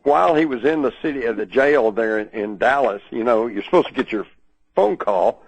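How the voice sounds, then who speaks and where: A man speaks as a talk radio guest, his husky voice wandering through long stories full of fillers and restarts. The sound is dry and close, with no room around it. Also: mid-range voice, expressive, a little fast, no room sound, rough recording. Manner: rambling, many fillers and restarts. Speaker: guest researcher.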